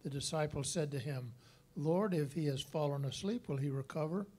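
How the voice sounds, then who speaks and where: A man with a slightly high voice reads a scripture passage aloud for the congregation. He reads quietly and steadily, without rushing. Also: husky.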